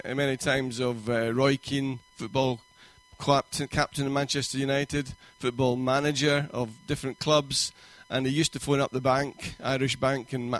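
Speaking at a medium pitch, this male pastor delivers a church sermon with warm, conversational pacing. Quoted asides and building emphasis run through his delivery.

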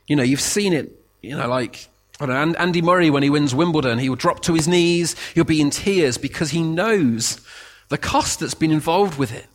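Guy preaching in church, bit high voice, goes from soft reading to loud emphatic bits. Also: moderate pace. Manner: shifts from quiet reading to emphatic shouting. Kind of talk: sermon.

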